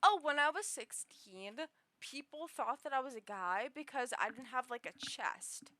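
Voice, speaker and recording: Young woman, high girlish voice, sharp and bright, giggly, rambling casual chat. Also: expressive, measured pace, no echo. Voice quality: high, girlish voice others have called annoying. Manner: rambling and giggly, with frequent restarts and fillers. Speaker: streamer.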